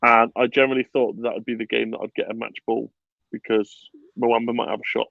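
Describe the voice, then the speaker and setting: A man hosting a casual football podcast, animated and swearing freely, with bursts of laughter. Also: mid-range voice, fast, vocal fry, dry recording, phone-quality sound. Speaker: podcast host.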